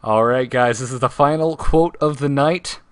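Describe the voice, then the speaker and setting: A man's voice: medium pitch, normal speed, clean tone, no echo. A man co-hosting a casual live podcast, running a trivia segment and reading quotes with playful emphasis.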